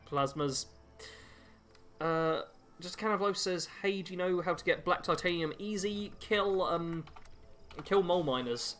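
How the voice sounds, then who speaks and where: A man's voice: a little high, fairly bright tone. A man chatting casually while streaming a game and reading viewer messages aloud. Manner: chatty, reads chat aloud while playing. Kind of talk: casual live-stream commentary.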